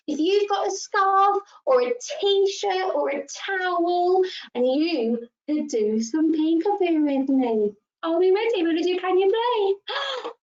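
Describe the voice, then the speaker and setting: A young woman leading a rhyme time for small children, sing-song and gasping with excitement. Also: very high-pitched. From England. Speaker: early years practitioner. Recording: dull lo-fi home video sound.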